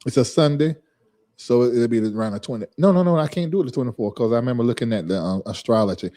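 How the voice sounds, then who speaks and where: A man with a warm, medium-pitched voice talks fast and expressively while hosting a casual live stream. He's chatty, addresses viewers by name, and has them repeat a word over and over to drill its pronunciation.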